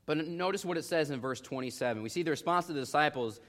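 A young man preaching an expository sermon, telling the story in a lively way and acting out the voices of the people in it. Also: on the high side, quick pace.

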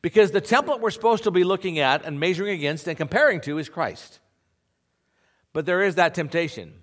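A man's voice: sits high, brisk. A man preaching a sermon as pastor, earnest and conversational, often checking in with his listeners.

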